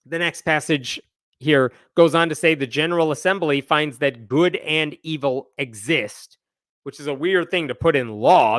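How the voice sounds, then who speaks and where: A man's voice: on the high side, fairly bright tone, no echo, clean studio sound. A man hosting a live news roundup, giving wry, exasperated commentary and reading passages aloud.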